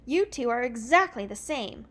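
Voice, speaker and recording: A woman reading aloud and voicing an excitable little girl in a high, eager voice. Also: normal speed.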